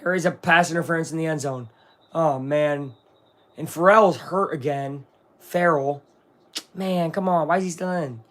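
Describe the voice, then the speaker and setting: A man hosting a casual live watch-along of a football game, excitable and swinging between hype and grumbling. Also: fairly high pitch, normal speed. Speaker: live-stream sports watch-along host.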